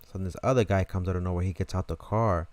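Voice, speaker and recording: A young man chats casually on his reaction channel, telling stories in an animated way with plenty of fillers and curse words. His voice is fairly low. The sound is dry and close, with no room around it. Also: quick pace, no echo. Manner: animated, swears freely, many fillers. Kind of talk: casual storytelling.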